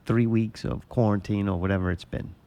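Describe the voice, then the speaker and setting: A man's voice: fairly low pitch, fairly even intonation, a little fast, mellow. A man hosting a casual talk show, telling a rambling story and swearing freely. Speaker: podcast host. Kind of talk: casual profane chat.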